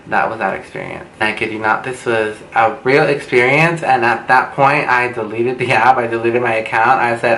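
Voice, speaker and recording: Young guy spilling a storytime, bright voice, echoey room, bit of noise behind. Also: moderate pace. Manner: animated, swearing, acts out quotes with jumps in pitch. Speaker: vlogger. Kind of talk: storytime vlog.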